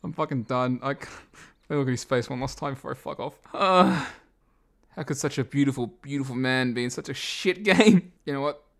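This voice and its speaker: A young man giving loud, exaggerated let's play commentary, swearing and laughing as he plays. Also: medium pitch, fairly quick, gravelly. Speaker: gamer playing a game.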